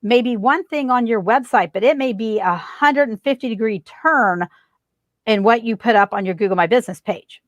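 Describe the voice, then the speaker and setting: A woman's voice: a little high, moderate pace, dry recording, dull audio. A woman guest on a podcast, giving marketing advice in a casual, emphatic way and repeating her key points.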